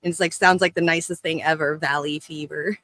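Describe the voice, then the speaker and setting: Profane, laughing co-host man, bright voice. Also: a little high, fairly even intonation, a little fast, dry recording. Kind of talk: casual political chat.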